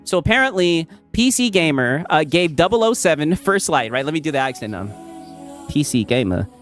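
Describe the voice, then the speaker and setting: A man's voice: a little high, very animated, brisk, fairly bright tone. A man streaming casual commentary, rambling and mocking, tagging lines with "right?". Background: music playing.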